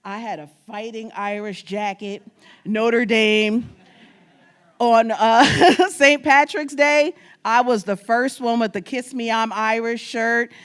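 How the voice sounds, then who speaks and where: A woman's voice: on the high side, fairly even intonation, slow pace, fairly bright tone, smooth. A woman from New York giving a humorous talk on genealogy research, telling stories, laughing often and talking straight to the audience. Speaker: guest speaker on genealogy.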